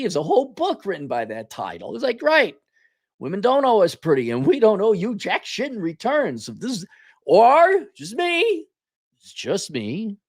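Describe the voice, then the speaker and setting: Blunt, sarcastic man with lively pitch. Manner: blunt, profane and sarcastic, reading viewer comments. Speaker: host. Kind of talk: casual monologue.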